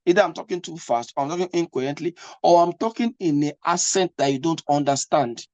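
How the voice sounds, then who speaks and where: A man's voice: a little high, fast talker, darkish tone, no room sound, lo-fi sound. Man coaching, with repeated restarts. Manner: repetitive, stumbling restarts; asks listener to follow along. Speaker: English test coach. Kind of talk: spoken lesson.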